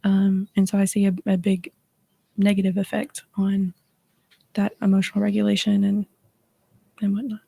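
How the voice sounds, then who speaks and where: A woman's voice: medium pitch, completely flat delivery, vocal fry, mellow, slightly rough, dry recording. A woman speaks as a counselor on a radio talk show, explaining patiently and steadily with plenty of fillers. Her tone stays level, and the studio sound is dry and close. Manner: measured, explanatory, uses fillers. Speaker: guest counselor.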